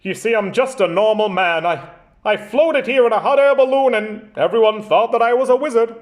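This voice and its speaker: A man's voice: sits high, moderate pace, lightly acted. A man voicing a flustered, apologetic old wizard in a children's storybook reading.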